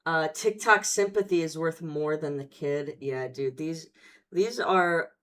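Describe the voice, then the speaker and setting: A woman's voice: deep voice, measured pace, fairly bright tone. A woman hosting casual commentary, talking in a blunt, profane and sarcastic way. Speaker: host.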